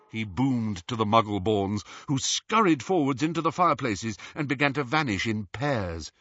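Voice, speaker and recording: A man reading an audiobook with lively, expressive storytelling. His voice is bright and a little husky. The recording is dry and dull, like a close studio read. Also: mid-range voice, moderate pace, hardly any pauses, dry recording. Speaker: audiobook narrator. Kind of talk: scripted narration.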